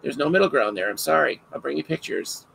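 A man hosting a casual chat, telling stories in an animated way and laughing often. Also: a little high, quick pace, vocal fry, slight background noise, rough recording.

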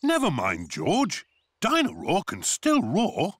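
A jolly cartoon daddy pig. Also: male voice, high voice, huge pitch swings, slow pace, background noise, heavily acted. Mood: genial. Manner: genial, reassuring. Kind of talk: cartoon voice acting.

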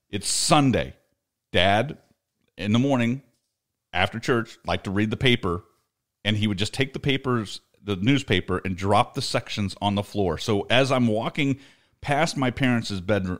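A middle-aged man co-hosting a podcast, telling a story in casual chat and laughing often as he talks. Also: fairly low pitch. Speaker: podcast co-host.

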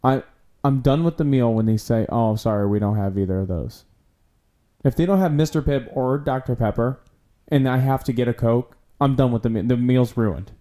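A man's voice: mid-range voice, normal speed, mellow. A man co-hosting a casual podcast, giving strong opinions in dry, easygoing banter. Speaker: podcast co-host.

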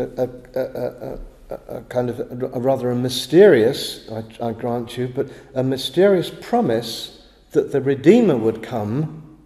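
A man preaches a sermon with a slightly high but very dark, mellow voice. He speaks in measured phrases and stumbles over small words before pressing on. The chapel around him rings with a long, roomy echo. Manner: measured preaching with halting restarts. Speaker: pastor. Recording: echoey chapel with long reverb.

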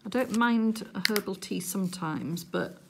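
A middle-aged woman from England chatting casually to viewers while she crafts, giggly and easily excited. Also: mid-range voice, measured pace, background noise. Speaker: crafting vlogger.

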